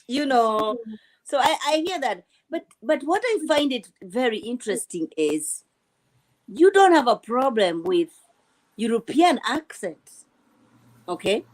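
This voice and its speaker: Animated Kenyan-accented woman, high voice. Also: a little slow. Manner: animated, repeats words as she restarts. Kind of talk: casual chat.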